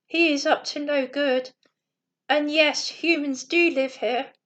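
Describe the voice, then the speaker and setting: Slow, high-voiced woman reading a bedtime story. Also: fairly even intonation, a bit bright. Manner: slow, careful reading with small slips.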